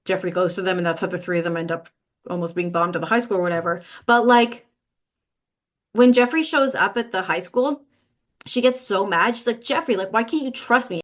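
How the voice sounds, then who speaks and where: A woman's voice: medium pitch, brisk, a bit bright. A woman co-hosting a podcast, casually retelling a book's plot in her own words and quoting characters with lots of "like". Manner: recaps plot with quoted lines, lots of "like". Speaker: podcast co-host. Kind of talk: casual book-recap chat.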